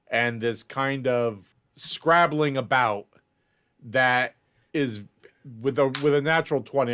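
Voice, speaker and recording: A man narrating as dungeon master, voicing the characters in quick asides. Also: medium pitch, fairly bright tone. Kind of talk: narrating a tabletop game.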